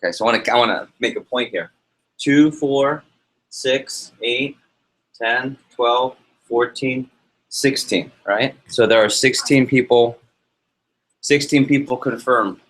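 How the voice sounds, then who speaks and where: A man with a mid-range voice speaks slowly, captured in poor audio. He leads an energetic live motivational sales workshop in a meeting room, telling stories and asking the audience questions.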